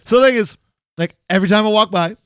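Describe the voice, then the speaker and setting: A man's voice: high voice, fast talker, clear, resonant tone. A man co-hosting a podcast, telling a story in casual, profane chat. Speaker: podcast co-host.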